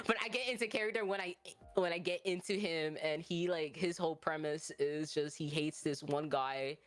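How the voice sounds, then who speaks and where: A woman's voice: low voice, moderate pace, faint music behind. A woman guest streamer chatting casually in an interview, rambling and giggly with lots of likes and ums.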